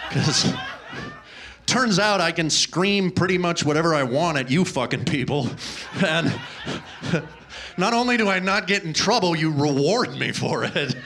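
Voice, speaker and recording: A man's voice: fairly high pitch, animated, measured pace, a bit bright. A man doing a stand-up comedy set on a club stage, ranting with exasperated, profane energy into a handheld microphone.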